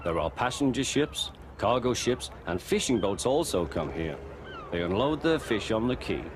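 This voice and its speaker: Expressive man narrating a storybook. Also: on the low side, background noise. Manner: measured, expressive reading.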